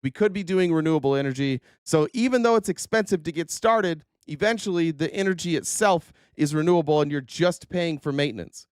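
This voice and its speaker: A man's voice: on the high side, a little fast, hardly any pauses, clear, resonant tone, dry recording, clean studio sound. A man hosting a casual political livestream, talking in a sarcastic, profane way and reading viewer comments aloud, his voice a little worn. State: voice a bit worn. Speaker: livestream host.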